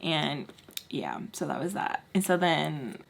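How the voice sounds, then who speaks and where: A woman vlogger telling a long personal story in a casual, chatty way, full of "like" and quick acted-out lines from other people. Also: deep voice, animated, gravelly. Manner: chatty, heavy use of filler "like". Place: home setup while doing makeup.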